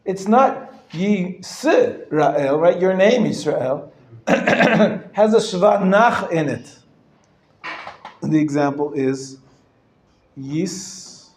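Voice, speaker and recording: In a lecture room, a man with a slightly high voice teaches a live lesson on reading Hebrew, speaking slowly and carefully. Patient and animated, he explains points and repeats words slowly to demonstrate their sounds, clearing his throat now and then and chuckling between points. The live class carries a roomy echo.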